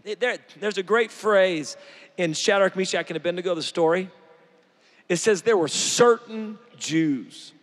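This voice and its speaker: A man preaching a sermon, fervent and emphatic, building to shouts. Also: sits high, measured pace, in a large hall.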